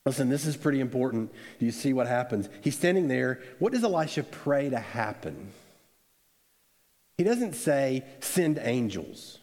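A man's voice: medium pitch, moderate pace. Man preaching in an echoey hall. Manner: conversational, animated storytelling with acted quotes. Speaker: pastor. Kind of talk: sermon. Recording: echoey hall with long reverb.

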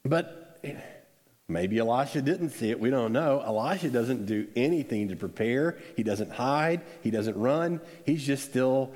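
A man preaching a sermon in a conversational, animated storytelling way, acting out quotes. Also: mid-range voice, a little slow. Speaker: pastor. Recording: echoey hall with long reverb.

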